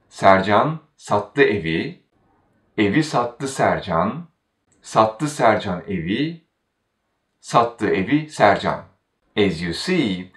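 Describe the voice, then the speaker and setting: A man narrates a scripted grammar lesson at a slow, careful pace and repeats each example twice. His voice sits fairly low. The recording sounds roomy, with the mic set back from him. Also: a bit bright, distant mic. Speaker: language teacher.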